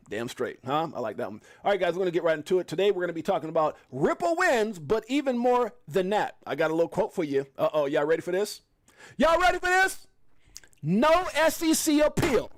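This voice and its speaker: A fairly high-pitched man with an African American English accent hosts a casual live stream. He talks in an animated way, swings up into loud hype shouts and stops to correct himself as he reads aloud. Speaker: crypto live-stream host.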